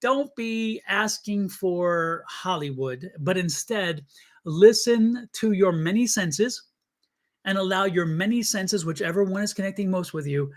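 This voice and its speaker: A man's voice: sits high, measured pace. A man hosting a live tarot stream, talking to viewers in an earnest, blunt and chatty way. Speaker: tarot reader and livestream host.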